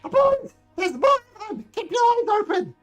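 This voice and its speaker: A man doing shrill, taunting goblin. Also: very animated, normal speed, soft background music. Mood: gleeful taunting. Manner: high, shouty, cackling taunts. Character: gleeful, taunting goblin archers, small, mean.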